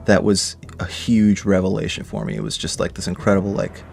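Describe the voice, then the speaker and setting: A man's voice: on the low side, level tone, brisk, creaky, a little mellow, soft background music. A man recalling a memory in an interview, casual and enthusiastic. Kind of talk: interview recollection.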